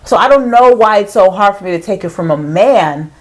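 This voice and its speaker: Female podcast co-host, frank, lively pitch. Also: a little fast, a crowd in the background, rough recording. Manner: expressive and frank, acting out quotes. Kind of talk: casual chat.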